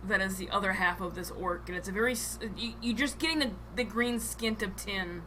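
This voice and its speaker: A woman narrating a tabletop game as game master, pausing often with ums and restarts. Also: mid-range voice, pushed and bright, a little hiss or hum, poor audio. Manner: hesitant, with many ums and restarts.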